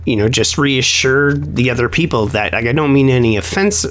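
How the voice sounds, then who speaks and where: A man's voice: mid-range voice, normal speed, a bit bright. A man from Canada hosting a casual podcast interview, easygoing and affirming in a wordy way. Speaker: podcast host.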